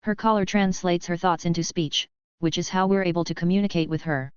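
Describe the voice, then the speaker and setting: A woman's voice: on the low side, steady tone, fairly quick, darkish tone, clean tone, no room sound, natural voice. A woman voicing a young female companion in a storybook reading, in an informative, explaining manner. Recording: dull, lo-fi dry recording.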